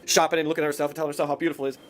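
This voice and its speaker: A man's voice: fairly high pitch, level tone, very fast. A man giving a rambling, profane comic-book recap in casual speech.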